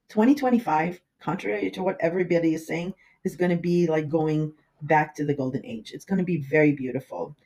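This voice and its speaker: A woman's voice: low voice, warm tone. A woman astrologer giving a casual horoscope reading, emotional and rambling, with many fillers.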